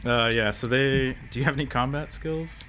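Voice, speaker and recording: A man's voice: medium pitch, normal speed, bright, forceful tone, slight background noise. Laid-back man running a tabletop game. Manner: laid-back, laughing often, with filler words. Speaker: game master.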